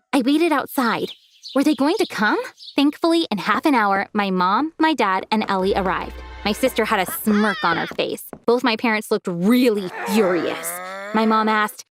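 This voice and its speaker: Woman, scripted storytime narration, brisk, expressive, fairly high voice, clear background music. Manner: brisk, expressive first-person telling.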